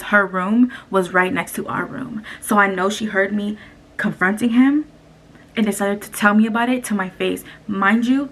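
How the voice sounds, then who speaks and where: This story-time vlog features a young woman at home recounting events in a blunt, profane, venting style. Her mid-range voice is a bit bright, the camera mic picks up her audio, and faint noise sits in the background.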